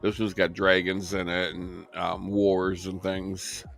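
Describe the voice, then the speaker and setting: A man co-hosting a late-night casual chat, telling stories in a profane, animated way. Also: deep voice, takes it slowly, creaky. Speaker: co-host.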